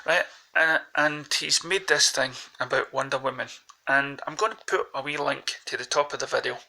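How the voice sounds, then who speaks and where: Give me a meandering Glaswegian man vlogging on a phone, with a gravelly, bright voice. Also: medium pitch, moderate pace, low-quality recording. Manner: rambling, hesitant, meandering. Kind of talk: casual rambling monologue. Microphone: phone held close.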